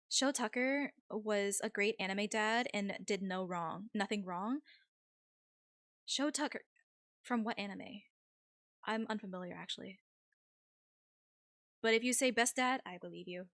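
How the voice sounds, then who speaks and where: Slow, easygoing streamer woman, dry close mic. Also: mid-range voice, a bit bright, no echo. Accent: American with a faint Vietnamese tinge. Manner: easygoing, chatty, laughs often, many ums. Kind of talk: casual chat reading viewer messages.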